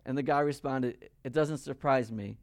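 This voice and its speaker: A man preaching a sermon, emphatic and rising loud when he reads scripture. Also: mid-range voice, normal speed, dry recording. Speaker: pastor.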